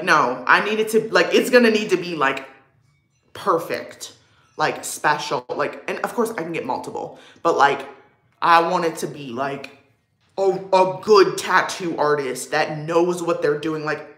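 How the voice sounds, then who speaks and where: A young woman vlogger chats casually during a get-ready-with-me livestream, her low voice unhurried and slightly bright. She rambles, says "like" a lot, and responds to the chat, all from an echoey room.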